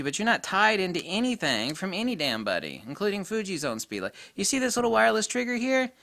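A middle-aged man giving a casual spoken camera review, blunt and excitable, with mild swearing. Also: on the high side, no echo.

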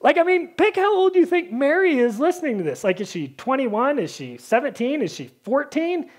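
Woman preacher, high-pitched, casual and chatty, lots of fillers. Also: big pitch swings, moderate pace. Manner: chatty, full of "like", acts out Bible characters. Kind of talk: casual sermon.

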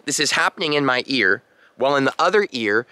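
Young male vlogger, animated storyteller, bright tone, dry mic. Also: mid-range voice, a little fast, clear, resonant tone, dry recording. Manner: animated, imitates beeping sounds. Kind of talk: casual storytelling to camera.

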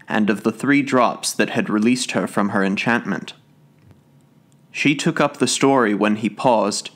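Guy reading old folk tales for an audiobook, steady and measured, average pitch. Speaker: audiobook narrator. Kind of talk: scripted narration of folk tales.

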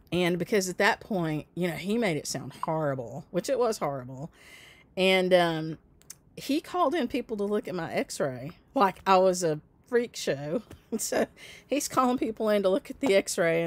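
The host of a stitching channel, a woman in her fifties with a voice on the low side, talks casually with her viewers. She spins a long personal story, laughs often and replies to their comments by name.

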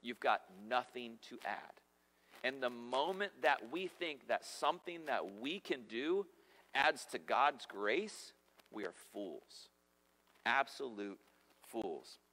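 A man's voice: mid-range voice, sing-song, slow pace, sharp tone. A man preaching a sermon as pastor, emphatic and conversational with humorous asides. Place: church sanctuary. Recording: long reverb of a church hall.

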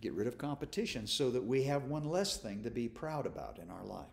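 A man's voice: medium pitch, expressive, a little fast, gravelly. A man leading a Bible study as its pastor, giving an informal sermon in a folksy, conversational way with self-deprecating humor and frequent restarts. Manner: stumbles and restarts often.

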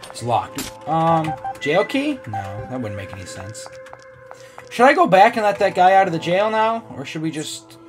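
A man talks his way through a game in a loose, rambling way, wandering off topic and cursing casually. His pitch swings up and down a lot, with faint music underneath. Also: very animated, moderate pace. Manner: rambling, swears casually, laughs often. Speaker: let's play gamer. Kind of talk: casual gameplay commentary.

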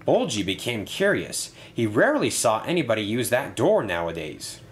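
A man narrating a toy-train story in a lively, expressive storybook style. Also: mid-range voice, normal speed, a little hiss or hum.

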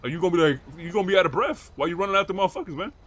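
A man streaming improvised game role-play, talking in brash, mocking, rapid banter. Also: high voice, fairly bright tone. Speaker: roleplay streamer.

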